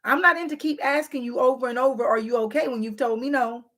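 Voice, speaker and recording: A slightly high-voiced woman hosting a casual relationship advice vlog, speaking directly to her audience. She is frank and teasing, and she acts out both sides of everyday arguments. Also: quick pace, a bit bright. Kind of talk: casual advice talk to viewers.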